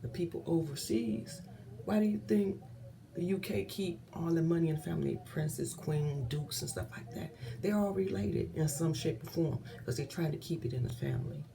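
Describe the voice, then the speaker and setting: A woman vlogger giving impassioned commentary, earnest and often dropping to a hushed whisper. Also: sits low, moderate pace, creaky, a little hiss or hum.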